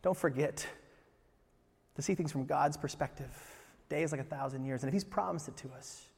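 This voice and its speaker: Male pastor, sermon delivery, lively emphatic peaks, fairly high voice, long hall reverb. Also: a little fast, vocal fry, husky. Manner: animated, rising to emphatic peaks.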